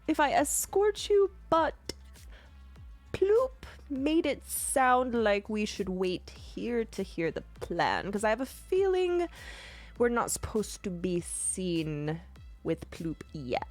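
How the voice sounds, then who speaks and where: A woman's voice: on the high side, big pitch swings, takes it slowly, faint music behind. A woman running a tabletop game as game master, narrating in a chatty, filler-heavy way.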